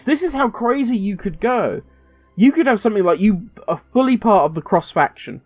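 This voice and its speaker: A man's voice: sits high, no room sound. A man hosting a gaming video, giving impassioned opinion commentary. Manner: impassioned, animated.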